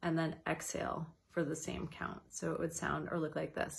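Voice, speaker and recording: Woman, educator, casual wellness talk, gravelly, guides counted breathing. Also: sits low, level tone. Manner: chatty, laughs lightly, guides slow counted breathing.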